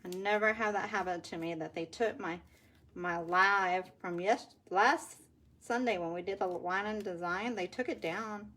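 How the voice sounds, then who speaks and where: A woman's voice: medium pitch, normal speed, fairly bright tone. A woman hosting a casual live craft stream, chatting to viewers and laughing often. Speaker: craft livestream host.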